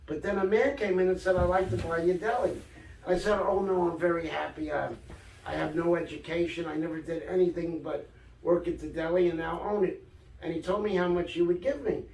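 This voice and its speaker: Older New man, high voice, animated storyteller, off-mic in an echoey room. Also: a little fast, vocal fry, distant mic, slight background noise. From Brooklyn, New York. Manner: animated storyteller, acts out quoted dialogue. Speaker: guest author. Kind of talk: casual storytelling interview.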